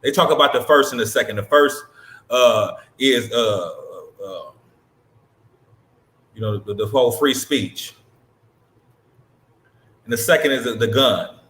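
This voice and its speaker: A man's voice: mid-range voice, measured pace, long pauses, a bit bright. Blunt, profane man with an echoey room. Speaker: host reacting to a clip. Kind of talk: casual commentary.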